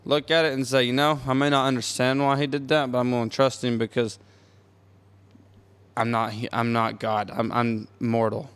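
A man's voice: mid-range voice, level tone, normal speed, fairly bright tone, clear, resonant tone. A man in a casual religious discussion, earnest and plain-spoken, with a rambling flow. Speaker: podcast co-host.

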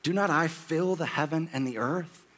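A man in his thirties with a hoarse voice, preaching a sermon as a pastor and lifting his voice when he quotes scripture. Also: normal speed, fairly bright tone. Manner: rises in pitch and volume when quoting scripture.

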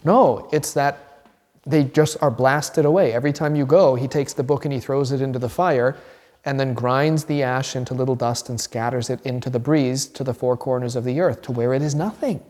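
A man's voice: medium pitch, moderate pace, darkish tone. A man teaching as a pastor in a conversational, informal sermon, acting out little voices in his examples. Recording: reverberant hall.

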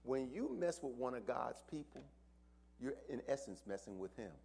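A man's voice: mid-range voice, lively intonation, moderate pace, gravelly, slightly rough. Male preacher with wildly swinging dynamics. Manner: dramatic swings from loud cries to near-whispers; addresses congregation directly, calls for response. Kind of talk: sermon.

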